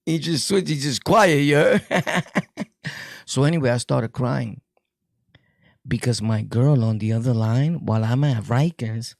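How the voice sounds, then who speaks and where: New York man, casual storytelling, street slang, laughs a lot, gravelly voice, dry sound. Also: medium pitch, unhurried, pauses often, a little mellow, no echo. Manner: street slang, laughs often, jokey asides. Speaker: streamer telling prison stories.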